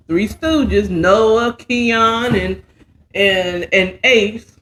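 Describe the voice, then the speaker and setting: A woman hosts a casual bedtime story recap, chatting in a laid-back, slangy way as she mixes and sips a cocktail. Her voice is medium in pitch and a bit bright, with drawn-out words.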